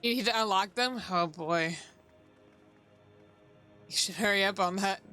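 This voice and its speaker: A woman's voice: mid-range voice, a little slow, sharp tone, soft background music. A woman streaming a game, chatting casually with her viewers and laughing often. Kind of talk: casual gameplay chat.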